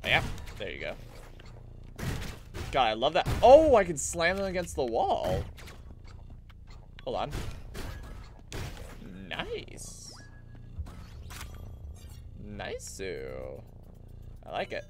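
A man's voice: huge pitch swings, extremely slow, creaky, long pauses, over music. A man casually commenting on a game he plays on stream, rambling and joking as he goes. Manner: rambling, jokey, puts on silly high voices for clone banter.

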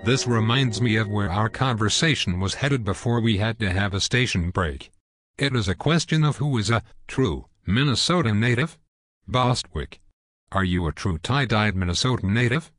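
A man's voice: on the low side, expressive, normal speed, a bit bright. A man co-hosting a comedic sports show with a dry, mock-serious delivery. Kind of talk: jokey scripted banter.

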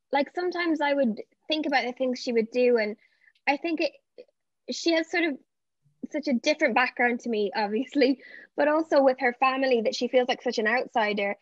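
High-voiced woman on a dull, dry line. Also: dry recording. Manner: fluent, reflective. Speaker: actress guest. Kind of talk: interview answers.

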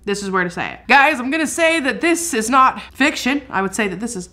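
A woman hosting a paranormal vlog, chatting earnestly and excitably to a haunted doll and talking fast in bursts. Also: on the high side. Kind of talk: casual chat addressing a haunted doll.

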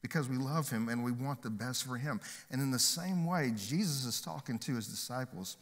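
A man's voice: mid-range voice, moderate pace. A man preaching a sermon from a church stage as pastor, upbeat and emphatic, slipping in jokes. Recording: long hall reverb.

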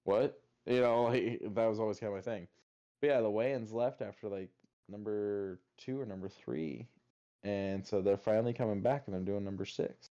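Low mellow guy on a podcast, laid back, swears some, kinda muffled mic. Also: normal speed. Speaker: podcast co-host. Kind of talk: casual chat.

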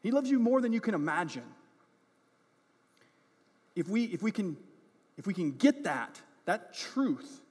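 A husky, high-pitched male pastor and parent delivers a chatty sermon full of personal stories, speaking unhurriedly with long pauses and checking in with "right?" and "okay?" He pokes fun at himself and gets animated when things turn funny, all captured with the reverb of a church sanctuary.

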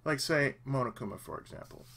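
A man's voice: mid-range voice, big pitch swings, a little fast, gravelly, sharp tone, slightly rough. A man hosting a let's play channel, giving earnest, emphatic advice in casual talk and often repeating himself for emphasis. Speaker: let's play host, aspiring voice actor.

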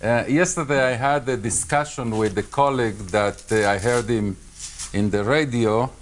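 A man speaking English with a Spanish accent as a debate panelist, pausing often with fillers and repeated words. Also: medium pitch. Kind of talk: public debate talk.

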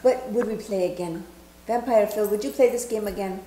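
A woman's voice: mid-range voice, brisk, warm tone. A woman co-hosting a board game review show, chatting casually and leading the talk. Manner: talkative, leads the review. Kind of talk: casual chat. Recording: echoey room.

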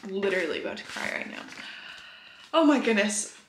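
Gushing soft-spoken young woman vlogger. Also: medium pitch, expressive, fairly quick. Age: 20s. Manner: gushing, soft-spoken, often drops to a whisper. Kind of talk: casual vlog chat. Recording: echoey room with faint noise.

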